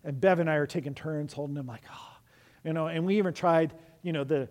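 A man's voice: on the high side, quick pace, a little mellow. A middle-aged man preaching a sermon as pastor, telling stories in a conversational way with frequent restarts. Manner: conversational storytelling with many restarts. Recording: long echo of a large hall.

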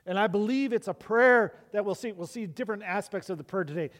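A middle-aged man preaches as a pastor, telling stories in a relaxed, conversational way with plenty of restarts. His voice sits a bit higher than most men's. The sound carries a long echo from a large hall. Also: fast. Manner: conversational storytelling with many restarts. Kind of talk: sermon.

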